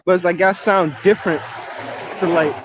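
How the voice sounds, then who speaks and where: A man's voice: high-pitched, fairly even intonation, moderate pace, lo-fi sound, noisy background. A man from the United States chatting casually as a podcast guest, with loose slangy talk full of "like" and "bro". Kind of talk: casual chat.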